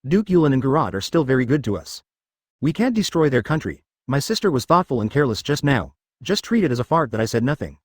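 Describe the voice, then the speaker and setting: A blunt, impatient young male fighter, read by a man in an audiobook. The lines come a little slower than the narration but stay even in tone. The sound is dry and close. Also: mid-range voice, no echo.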